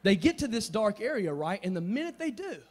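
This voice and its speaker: A man preaching a storytelling sermon in slangy, casual talk, swinging from hushed asides to shouting. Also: sits high, very animated, fairly quick. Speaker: youth preacher.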